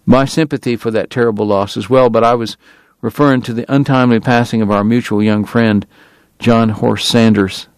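A man's voice: medium pitch, fairly even intonation, normal speed, no room sound, close to an everyday voice. A man doing a courtly Southern dentist. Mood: courteous. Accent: Southern US drawl. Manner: verbose, precise and courtly, prickly about his honor. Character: formal, long-winded Southern gentleman dentist and gambler.

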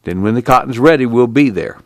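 A man's voice: expressive, brisk, no echo, studio quality, lightly acted. A man voicing a restless, worn-down young man in an audiobook reading, plain-spoken and tired. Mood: weary. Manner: plain-spoken, weary, lifted above the narrator's pitch.

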